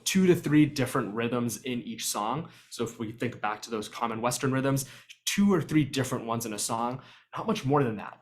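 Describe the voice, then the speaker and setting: Man, workshop presenter on a video call; relaxed explanatory delivery, filler-heavy. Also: medium pitch. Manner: explanatory, conversational with frequent ums. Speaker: vocal percussion workshop presenter. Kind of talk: virtual workshop lecture.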